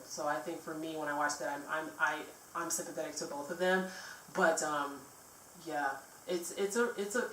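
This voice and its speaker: A woman's voice: low voice, a bit bright, a little hiss or hum. A woman vlogger chatting casually about a film, rambling with many fillers and restarts. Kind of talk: casual chat. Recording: echoey room, mic at a distance.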